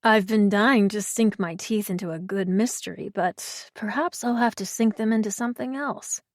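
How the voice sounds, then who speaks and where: A woman voicing a charming, mischievous young man in a romantic mystery audiobook, speaking softly and teasingly. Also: sits high, moderate pace, dry recording, studio quality. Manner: soft, teasing, drawn out.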